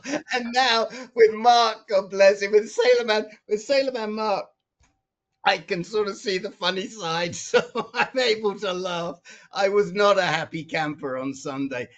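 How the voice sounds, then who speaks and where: A man with a notably high voice tells a story on a group video call. He gets animated and often restarts and repeats his words as he talks. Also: measured pace. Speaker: support group member.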